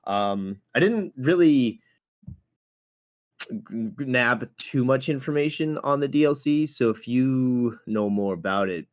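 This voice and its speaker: A man's voice: medium pitch, slow. A man hosting a gaming podcast, chatting casually and swearing often. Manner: lively, swears and laughs often. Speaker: podcast host. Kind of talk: casual chat.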